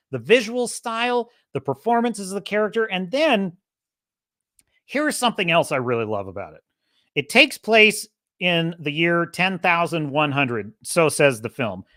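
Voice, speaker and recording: A man's voice: a little high, sharp tone, no room sound, clean studio sound. A man hosting a podcast, talking through a film review in a rambling, enthusiastic way and correcting himself as he goes. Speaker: podcast host. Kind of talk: casual film review monologue.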